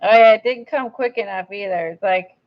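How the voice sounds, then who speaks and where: A crafter vlogger with a brisk, medium-pitched voice chats casually as she works on her crafts. She's blunt and rambling and admits to an impatient streak, and the recording sounds dull and lo-fi.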